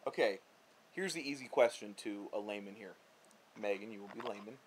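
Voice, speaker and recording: A man co-hosting a casual vlog chat, rambling and animated, often restarting his sentences. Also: lowish voice, a little fast, slightly rough. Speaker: vlog co-host.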